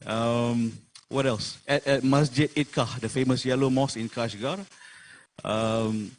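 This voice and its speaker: A man's voice: mid-range voice, steady tone, measured pace. A Malaysian man speaking as a forum panelist, earnest and full of fillers, slipping Malay phrases into his English. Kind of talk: forum talk. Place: online forum.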